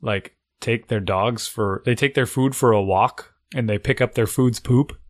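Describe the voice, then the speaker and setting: A man with a mid-range voice chats easily with his co-host. He muses out loud, talks things through and pads his sentences with fillers. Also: mid-range voice, measured pace. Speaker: podcast co-host. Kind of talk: casual chat.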